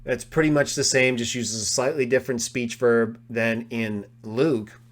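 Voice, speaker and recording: A man presenting a live study of biblical grammar, walking through his notes and slowly repeating quoted phrases for emphasis. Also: mid-range voice, steady tone. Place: live online discussion.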